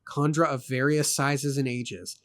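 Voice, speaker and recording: A man reading a fantasy novel aloud for a podcast, in steady narration broken by dry, joking asides. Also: mid-range voice, measured pace.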